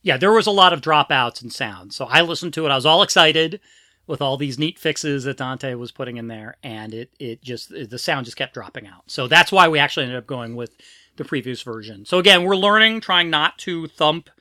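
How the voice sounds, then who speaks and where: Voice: mid-range voice, lively intonation, a little fast, pushed and bright, dry recording, studio quality. A podcast host chatting casually and poking fun at himself, who sometimes giggles. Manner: self-deprecating, giggly.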